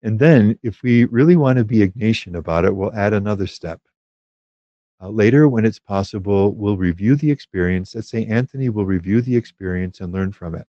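Low-voiced man teaching on prayer. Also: warm tone, dry recording, muffled recording. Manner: measured, thoughtful, with frequent hesitations. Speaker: Catholic spiritual teacher.

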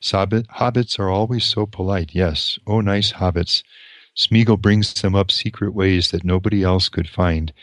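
A man's voice: low voice, steady tone, normal speed, dry recording, close to an everyday voice. A man reading as Gollum, a hissing, bitter creature. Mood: resentful. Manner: hissing, whining. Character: wheedling, bitter old creature.

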